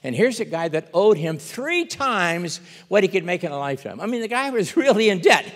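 A man's voice: high voice, fairly quick, in a large hall. A man preaching a sermon as a guest speaker, telling a parable with emphatic, acted-out dialogue. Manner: animated storytelling, acting out parable dialogue, emphatic. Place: church sanctuary.

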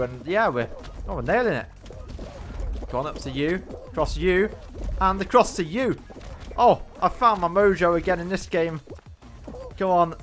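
A man giving excitable, self-mocking running commentary on his own gameplay as a gaming YouTuber. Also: a little high.

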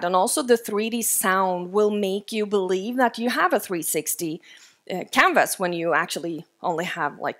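A woman speaking at a tech conference, presenting in a lively, conversational way with casual fillers. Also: mid-range voice. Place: conference stage before an audience.

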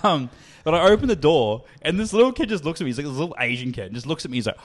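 Fast-talking young man telling stories. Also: a little high, expressive. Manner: rapid, sweary, full of "like" fillers. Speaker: podcast co-host. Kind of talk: casual storytelling chat.

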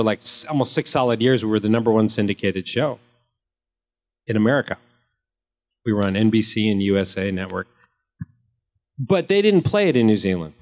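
Man in his fifties joking at a fan panel. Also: fairly low pitch. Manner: joking, rambling anecdotes with comic voices. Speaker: actor answering fan questions. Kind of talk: casual convention panel Q&A. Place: convention panel room.

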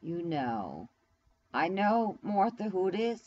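A woman's voice: lowish voice, sing-song, takes it slowly, a little mellow, highs cut off. A woman live streaming from home in New York, rambling casually to her viewers, blunt and profane as she talks back to the chat. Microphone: camera mic.

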